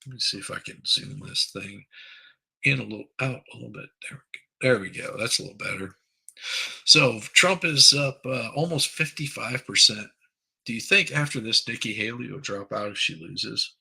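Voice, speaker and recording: Gravelly, husky-voiced male streamer. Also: mid-range voice, normal speed, bright, forceful tone, rough recording. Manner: rambling, crude, reads chat aloud. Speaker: livestream host. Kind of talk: casual live-stream commentary.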